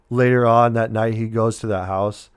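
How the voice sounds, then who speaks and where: A man's voice: lowish voice, fairly even intonation, a little slow, clear, resonant tone, dry recording, clean studio sound. Laughing man retelling movie scenes. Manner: retells scenes with quoted voices, laughs often. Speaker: podcast co-host. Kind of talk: casual movie review chat.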